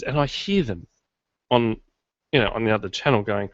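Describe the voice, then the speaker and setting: Low-voiced man hosting a casual podcast. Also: lively intonation, fairly quick, pauses often, no room sound. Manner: rambling, self-deprecating humour. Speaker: podcast host. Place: home studio in his garage. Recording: dull lo-fi dry sound.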